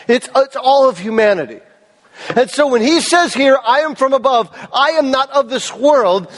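A male pastor preaching an earnest, emphatic sermon, his voice cracking at times and putting questions to the congregation. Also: sits high. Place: church service hall. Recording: long reverb of a large hall.

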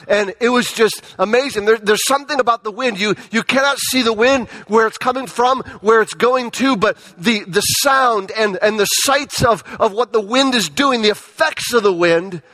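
A man's voice: a little high, fairly bright tone. A man, perhaps in his thirties, preaching a sermon as a pastor, often stumbling and repeating words as he goes.

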